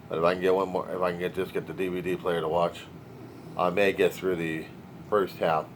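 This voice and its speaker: A man's voice: low voice, a little hiss or hum. A man talking alone in a video diary, rambling in a sardonic, wisecracking way. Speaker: video diarist. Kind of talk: rambling personal monologue.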